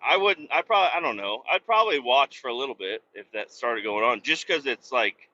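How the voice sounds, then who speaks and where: A man's voice: medium pitch, expressive, brisk, sharp tone. A man, a truck driver and podcast host, ranting profanely and mockingly while driving, recorded in his truck cab with dull, lo-fi sound.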